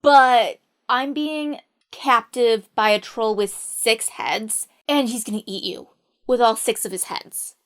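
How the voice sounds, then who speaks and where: A woman's voice: on the high side, takes it slowly, fairly bright tone. A woman voicing a fretful captive young princess who warns and pleads anxiously. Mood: worried.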